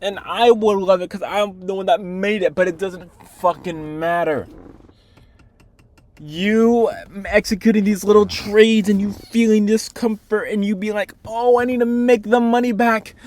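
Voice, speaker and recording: A young man with a fairly high voice talks to himself in a self-made video diary. He is a day trader, and he berates himself in the second person about his lack of discipline, swearing often. His tone stays frustrated and self-critical throughout. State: hungry.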